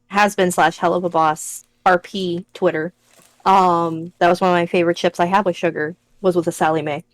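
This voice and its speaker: A woman in casual group chat on a voice call, playful and quick to giggle. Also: lowish voice, fairly even intonation. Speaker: stream co-host.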